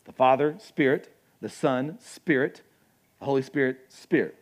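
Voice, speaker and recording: A young adult man preaching a sermon as pastor, conversational and animated, with asides and acted-out quotes. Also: medium pitch, normal speed.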